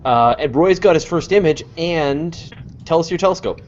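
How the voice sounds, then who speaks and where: A man's voice: fairly high pitch, moderate pace, lo-fi sound. A man hosting a live online astronomy stream, chatting casually with his guests and calling on them in turn. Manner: relaxed, joking, moves guests along. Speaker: host.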